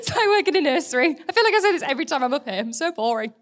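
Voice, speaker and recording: A woman's voice: high-pitched, big pitch swings, rapid-fire. A woman of twenty-six who works in a nursery, speaking casually and modestly, with little laughs and fillers. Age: 20s. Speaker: nursery worker sharing testimony. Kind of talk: casual spoken testimony.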